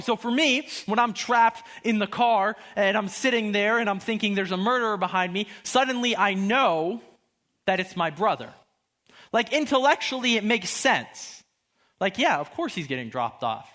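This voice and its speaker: Young male preacher, 20s, high and bright voice, animated storyteller. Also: moderate pace. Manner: animated storytelling, acting out quotes. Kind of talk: sermon.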